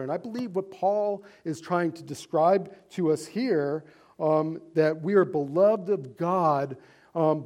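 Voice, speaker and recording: A male pastor delivering a sermon in a notably high voice. He preaches in an earnest, conversational way, pausing on fillers and tossing rhetorical questions to the congregation. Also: darkish tone.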